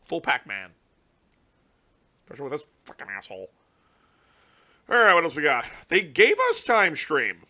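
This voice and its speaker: A young man giving casual, profane reaction commentary on a card game release, ranting in exasperation with sudden loud outbursts. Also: medium pitch. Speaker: card game content creator.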